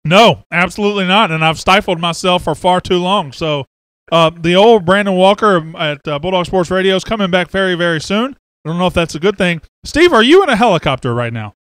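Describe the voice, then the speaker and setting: A man hosting a sports podcast, excitable and brash, speaking from a studio. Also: sits high, brisk, clean tone, no room sound. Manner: excitable, brash, loud bursts. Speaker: podcast host. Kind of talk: energetic sports podcast talk.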